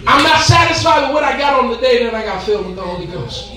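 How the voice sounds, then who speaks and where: A man's voice: very high-pitched, expressive, fast, noisy background. A man preaching a Pentecostal sermon, chanting with rhythmic gasped "huh"s between phrases and stretching out key words in call-and-response with the congregation. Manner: shouting and drawing out key words. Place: church sanctuary. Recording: echoey church from far off.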